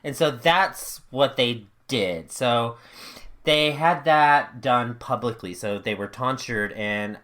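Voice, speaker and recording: A woman's voice: very deep voice, slow, fairly bright tone. A woman co-hosting a podcast, telling history casually with lots of laughter and jokes. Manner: giggly, jokey storytelling. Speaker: podcast co-host. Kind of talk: casual chat.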